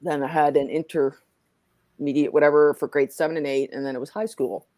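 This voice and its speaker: A woman's voice: low voice, moderate pace, no echo. A middle-aged woman with a Southern accent, laughing often as she tells stories in a casual chat. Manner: loud laughing, animated storytelling.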